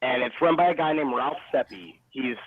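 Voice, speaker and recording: A man's voice: medium pitch, lively intonation, normal speed, noisy background. A man joins a casual group chat over an online call and gushes about things he loves, swearing casually along the way. His voice comes through thin and tinny, like a phone line. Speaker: co-host.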